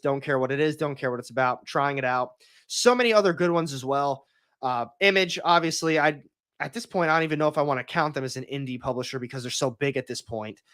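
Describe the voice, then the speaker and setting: A young man chats on his livestream in a slightly higher voice, rambling and opinionated. He keeps restarting his sentences as he talks. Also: a bit bright. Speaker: comics YouTuber hosting a livestream. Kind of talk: casual livestream chat.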